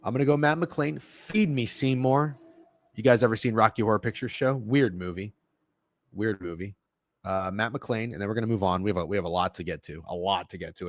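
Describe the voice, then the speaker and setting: A young man hosting a live sports betting stream, chatting with viewers in a profane, animated way. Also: on the low side, no echo, studio quality. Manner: animated, swearing, talks to chat. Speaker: sports betting show host.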